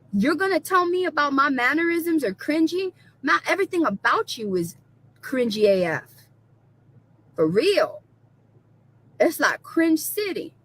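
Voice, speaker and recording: High sharp-voiced woman, swearing, mocking her haters. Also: poor audio. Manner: profane, mocking and defiant. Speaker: video creator being reacted to. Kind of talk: angry rant to camera.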